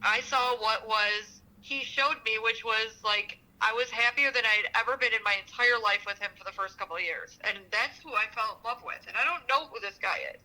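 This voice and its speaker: A woman's voice: a little high, normal speed, few pauses, sharp tone, low-quality recording. A woman in her forties talking on a podcast, raw and self-critical, swearing heavily. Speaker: advice seeker, guest. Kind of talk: emotional podcast conversation.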